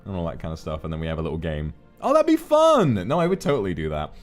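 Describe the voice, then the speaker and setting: A man chatting casually on a live stream, animated and quick to jump into voices. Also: deep voice, soft background music. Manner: animated, jumps into voices and laughs.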